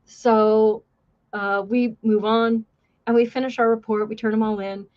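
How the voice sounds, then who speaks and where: A woman's voice: fairly high pitch, fairly even intonation, unhurried, lo-fi sound. A woman livestream host, a former police officer, chatting casually and a bit profanely, mocking herself and reading out chat messages.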